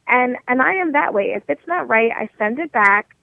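A woman's voice: high voice, moderate pace, vocal fry, dry recording. Casual: straight-talking new york woman in her 30s calling in, phone-line sound, dry. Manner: blunt, energetic, straight-talking. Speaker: guest author and motivation coach. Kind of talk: radio interview.

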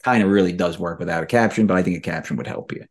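A man's voice: low-pitched, very fast. A man hosting a podcast in casual chat, leading the talk and asking the others questions. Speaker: podcast host.

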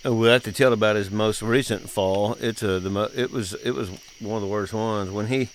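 This middle-aged father hosts a podcast, telling family stories in a casual chat full of laughter. His voice is fairly low and brisk with fairly even intonation, and he comes across folksy and drawling. There's slight background noise.

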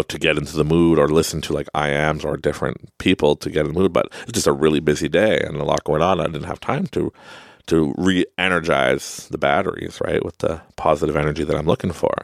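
Here a man with an extremely low, creaky voice hosts a podcast, recorded in studio quality without any room sound. His storytelling is rambling and casual, a monologue thick with fillers and frequent laughter.

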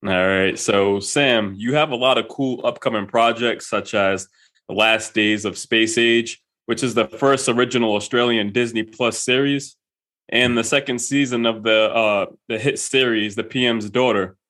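A man's voice: mid-range voice, steady tone, normal speed, a bit bright. A man co-hosting a podcast interview, asking questions in an easygoing way. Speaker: podcast co-host. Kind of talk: casual interview chat.

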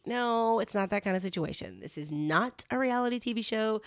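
A middle-aged woman with a lilt talks straight to her listeners, earnest and candid, calling them "you guys." Her voice is recorded dry and close, with no room sound around it, and her pitch sits at an ordinary middle height for a woman. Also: lively intonation, brisk, hardly any pauses, dry recording. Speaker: vlogger giving encouragement. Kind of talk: casual heartfelt talk to camera.

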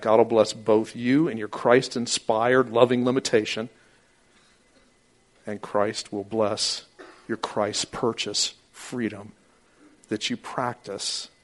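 Guy pastor preaching, animated, jumps into silly high voices for the people he quotes, mid pitch. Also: slow, pauses often. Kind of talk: sermon.

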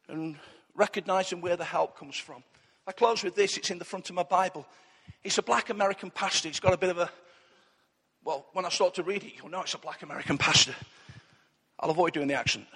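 Middle-aged male pastor, high husky voice, impassioned rhythmic sermon with refrains, long church-hall reverb. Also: fairly bright tone.

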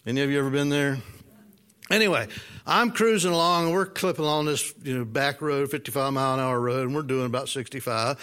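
A man preaching a sermon, telling a personal story in a folksy, animated way and asking the congregation questions. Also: mid-range voice, fairly quick, smooth. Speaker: pastor.

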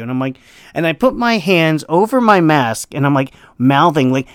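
A man's voice: mid-range voice, a little fast, a bit bright, no room sound. Man in a casual vlog: rambling work story, acted-out lines, dry sound. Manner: rambling, acts out the people in his story. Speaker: restaurant server. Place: near Los Angeles.

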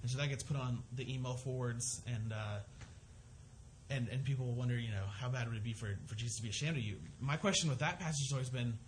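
A pastor preaches in an earnest, conversational way, often restarting sentences while he works through a scripture passage. His mid-range voice moves at a quick pace, with a little hiss or hum on the recording.

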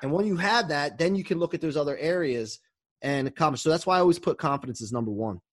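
A man's voice: on the high side, fast talker. A man who coaches people, talking casually and eagerly from home as a podcast guest, rambling and restarting often. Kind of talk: casual interview talk. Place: home during quarantine.

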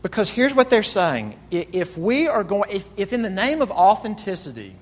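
A male pastor delivers an earnest sermon, asking rhetorical questions and often repeating words. His voice sits a bit high for a man. The long reverb of a large hall trails after each phrase. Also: very animated, moderate pace.

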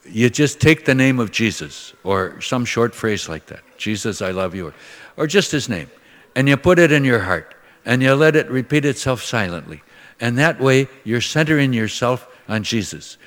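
A man's voice: medium pitch, lively intonation, moderate pace, fairly bright tone, in a large hall. An older man, a priest from Minnesota, preaching in a folksy, conversational way and acting out the voices in his stories. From Minnesota, USA. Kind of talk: sermon with storytelling.

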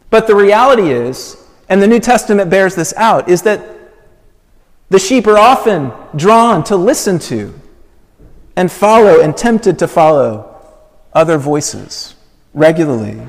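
A man preaching a sermon, measured and emphatic, building with slow repeated phrases. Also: sits high. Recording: long hall reverb.

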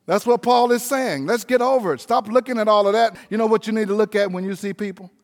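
A man's voice: high voice, fast talker, long reverb tail. A man preaching a sermon as pastor, folksy and emphatic, stretching out key phrases.

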